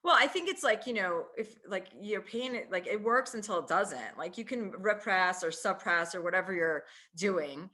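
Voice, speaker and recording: A woman's voice: mid-range voice, animated, bright, forceful tone. A woman in her forties, a comedian guest, talking candidly in a casual interview, full of "you know" and "like" as she thinks aloud. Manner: candid, fast-moving, heavy use of fillers like "you know". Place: remote, on a call from a ski trip.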